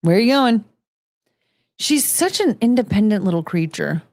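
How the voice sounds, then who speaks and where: A woman's voice: medium pitch, very animated, normal speed, darkish tone, no echo. A woman in her thirties hosting a casual chat podcast, chatty and giggly, rambling with plenty of fillers. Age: 30s. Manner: giggly, chatty, frequent laughter. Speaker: podcast host.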